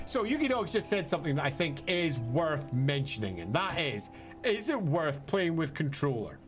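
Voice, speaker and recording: A British man doing let's-play commentary, chatty and playful, with frequent self-mocking asides. His voice sits fairly high and bounces expressively between words. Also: sing-song, normal speed, over music. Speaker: streamer.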